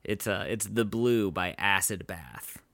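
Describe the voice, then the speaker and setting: A man's voice: fairly low pitch, measured pace, vocal fry, a bit bright, no room sound. A young man co-hosting a casual podcast, laid-back and jokey, with many fillers. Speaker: podcast co-host. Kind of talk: casual chat.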